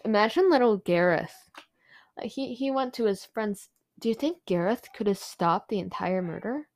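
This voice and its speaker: A woman's voice: mid-range voice, lively intonation, moderate pace, a little mellow. A woman hosting a true crime podcast, telling the case in a chatty way with frequent fillers. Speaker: podcast host.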